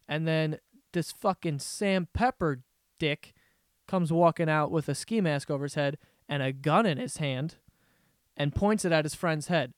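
A young man rants on his podcast in a crisp, smooth voice that sits a little high. He tells a story casually, swearing often, exasperated and joking. The sound is close and dry, with no room echo. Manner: profane, exasperated, jokey storytelling. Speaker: podcast host. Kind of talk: casual ranting monologue.

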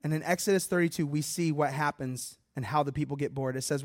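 High-voiced, animated male preacher. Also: fast, hardly any pauses. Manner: animated, humorous, conversational preaching. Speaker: guest preacher. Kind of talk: sermon. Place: church.

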